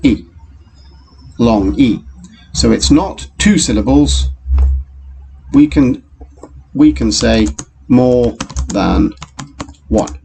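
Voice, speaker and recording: A man teaching a recorded phonics lesson to young children, in a slow and patient way, talking straight to the pupils. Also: medium pitch, expressive, vocal fry, warm tone, slight background noise. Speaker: primary school teacher.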